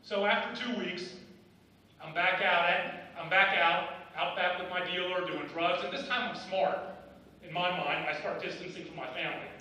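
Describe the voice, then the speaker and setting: Man speaking at a dinner, candid storyteller, bright forceful tone, big echoey hall, a little off mic. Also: high voice, moderate pace, slight background noise. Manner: candid storytelling, acting out his old self in rising, insistent bursts. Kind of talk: personal recovery speech. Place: large banquet hall. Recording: echoey banquet hall, voice from a distance.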